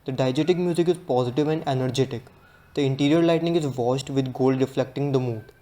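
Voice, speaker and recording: Mellow-voiced man reading a class presentation. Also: medium pitch, fairly quick. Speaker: student presenter. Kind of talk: read-aloud class presentation.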